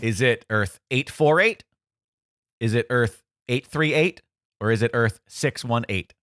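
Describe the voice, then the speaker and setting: A man's voice: mid-range voice, unhurried, fairly bright tone, no echo, clean studio sound. A man hosting a casual podcast quiz, reading out questions and teasing the contestant playfully. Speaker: quiz host.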